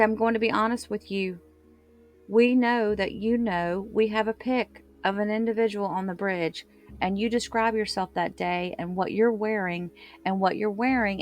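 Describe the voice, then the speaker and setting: A woman recaps a court case in a loose, chatty way, full of filler words and restarts. Her voice sits at an ordinary pitch. Faint music plays under her speech. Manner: loose recap with filler words and self-corrections, quoting others. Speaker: true crime commentator. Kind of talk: casual retelling of court testimony.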